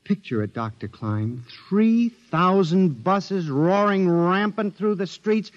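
An actor playing a paranoid male engineer convinced machines are alive, pleading and then shouting in a 1950s radio drama. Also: high voice, animated, takes it slowly. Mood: earnest conviction. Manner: pleading, rising to frantic shouts. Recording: dull old radio recording.

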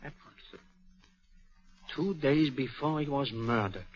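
Hercule Poirot, precise Belgian sleuth. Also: male voice, on the high side, expressive, moderate pace, fairly bright tone. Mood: inquisitive, polite. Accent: Belgian French. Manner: courteous, precise, sprinkles French words. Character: fussy, polite middle-aged Belgian male detective. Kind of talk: 1940s radio acting. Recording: dull old radio broadcast.

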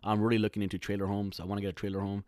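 A man's voice: on the low side, flat delivery, racing, a little mellow, no echo. Rambling, profane man in his thirties. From California. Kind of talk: casual monologue.

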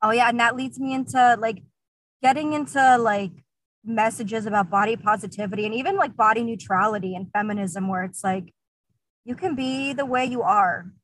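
A woman's voice: a little high, normal speed, a bit bright, no echo, rough recording. A woman in her twenties talking candidly as a guest, with frequent "like" fillers and laughs between thoughts. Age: 20s. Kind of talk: casual personal storytelling.

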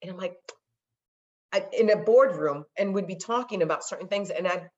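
As a guest on a podcast, a woman chats casually and tells lively stories, acting out what people said and drifting into Spanglish. Her lowish voice moves at a normal speed, and the recording's high frequencies are cut off.

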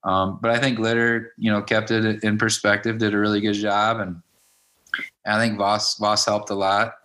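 A man in his fifties tells stories in a relaxed interview, speaking as a high school wrestling coach. His voice sits somewhat low. He keeps slipping into the voices of the people in his stories, quoting what each one said. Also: moderate pace. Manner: anecdotal, acts out quoted dialogue with "I'm like". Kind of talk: casual storytelling interview.

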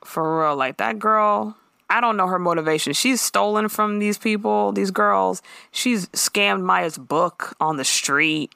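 A woman's voice: medium pitch, a little slow, creaky, sharp tone, smooth, dry recording, clean studio sound. A woman co-hosting a podcast, recapping a TV episode in blunt, slangy casual chat. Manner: blunt, slangy, laughs often. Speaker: podcast co-host.

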